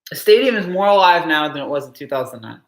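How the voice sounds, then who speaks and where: A man's voice: a little high, animated, fast, a bit bright, reverberant. Anxious sighing male sports fan. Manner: anxious, pleading, heavy sighs. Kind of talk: live game reaction stream.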